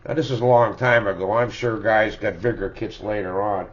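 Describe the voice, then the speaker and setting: A man's voice: on the low side, steady tone, normal speed. An older man, chatting casually and chuckling as he rambles through the records he loves, tagging his sentences with "eh?". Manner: rambling, chuckling, tags lines with "eh?". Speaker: music collector vlogger. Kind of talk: casual reminiscing about records. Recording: dull lo-fi home recording.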